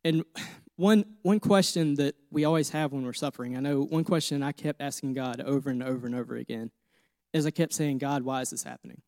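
A man's voice: a little high, fairly quick, a little mellow, no room sound, studio quality. A man in his thirties preaching a sermon, earnest and personal, repeating phrases as he tells his own story. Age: 30s. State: emotional, near tears. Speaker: pastor.

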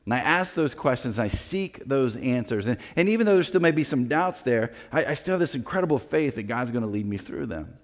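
A man preaching a sermon as a pastor, telling a personal story in a lively way and acting out the people in it. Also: medium pitch, brisk, few pauses, in a large hall. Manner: animated storyteller acting out quoted voices.

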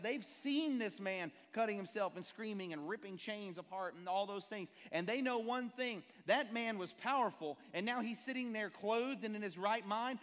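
A male pastor preaching a sermon, telling stories with animated voices and asking the congregation rhetorical questions. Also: high voice. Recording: long reverb in a church hall.

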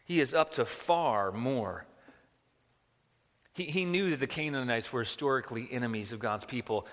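A man preaching a sermon in an animated way, asking rhetorical questions and often repeating words. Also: medium pitch, normal speed. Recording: long hall reverb.

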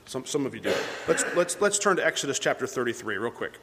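A male pastor delivers a sermon in a conversational, earnest manner, retelling scripture like a story for the people in front of him. His voice sits at an ordinary pitch for a man. A long reverb hangs on his voice in a large church hall. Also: sing-song, fast talker, background noise.

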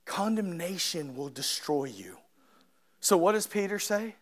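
A man's voice: expressive, a little slow. Impassioned preacher, man. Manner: swings from soft and low to loud, high and impassioned. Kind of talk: sermon.

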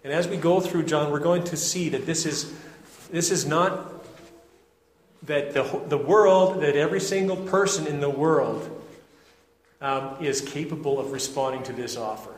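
A man preaching an expository sermon in an earnest, deliberate way, often restarting his phrases. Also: a little high, slight background noise. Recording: echoey hall with faint ambience.

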